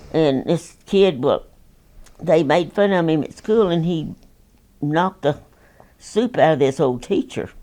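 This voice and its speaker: A woman's voice: sits low, a little mellow. A woman, telling oral history stories in a folksy, rambling, plainspoken way. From Texas. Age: 90s. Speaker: interviewee.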